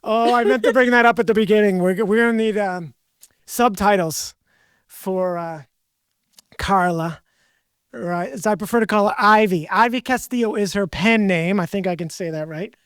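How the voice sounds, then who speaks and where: Talking candidly on his podcast, this host rambles and pokes fun at himself in easy conversation. His voice sits high, fairly bright, clear, and resonant, at normal speed, and the studio recording is clean with no room sound.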